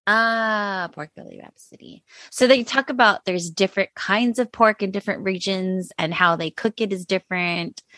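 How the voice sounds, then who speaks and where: A woman's voice: medium pitch, normal speed, few pauses, pushed and bright, dry recording. A woman co-hosting a casual chat, telling stories with frequent laughter. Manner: laughing storyteller. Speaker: podcast co-host.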